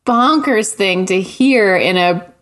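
A woman's voice: medium pitch, takes it slowly, fairly bright tone, a little hiss or hum. A woman hosting a podcast, steering the chat with cheeky crude jokes and giggles. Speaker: podcast host. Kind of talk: casual chat.

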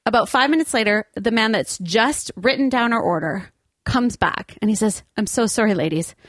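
A woman telling a story in a casual chat, animated and laughing often. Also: a little high, normal speed, dry recording, studio quality.

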